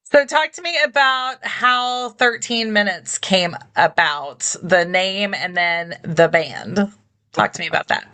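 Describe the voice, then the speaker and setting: Heartfelt woman host, bright tone. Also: lowish voice. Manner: heartfelt, halting, repeats words. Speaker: podcast host. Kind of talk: casual interview chat.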